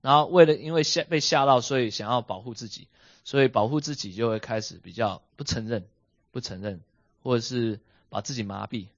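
Male teacher, lively and questioning, dull dry recording. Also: mid-range voice, brisk, dry recording. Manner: animated, asks the class questions, switches between English and Mandarin. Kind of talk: bilingual class lesson. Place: home with a basement.

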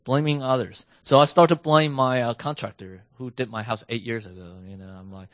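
Male teacher, lively and questioning, dull dry recording. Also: mid-range voice, moderate pace, dry recording. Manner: animated, asks the class questions, switches between English and Mandarin. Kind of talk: bilingual class lesson. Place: home with a basement.

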